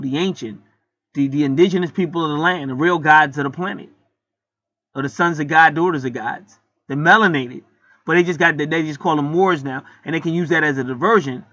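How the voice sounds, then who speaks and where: A man's voice: on the high side, sharp tone, no echo, highs cut off. A man, preaching a blunt, profane spiritual teaching monologue that builds to heated outbursts.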